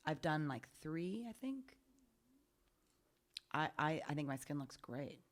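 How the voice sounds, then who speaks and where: A middle-aged woman, an esthetician, chatting on a podcast and telling animated stories with acted-out voices. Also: sits low, takes it slowly. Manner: chatty, animated storyteller who acts out voices. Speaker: guest esthetician. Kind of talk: casual podcast chat.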